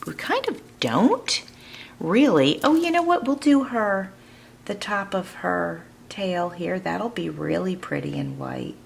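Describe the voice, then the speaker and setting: Crafting host, woman, low gravelly voice, chatty and thinking aloud, home studio. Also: a little hiss or hum. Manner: chatty, thinks aloud while crafting, addresses viewers as friends. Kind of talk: casual crafting tutorial chat.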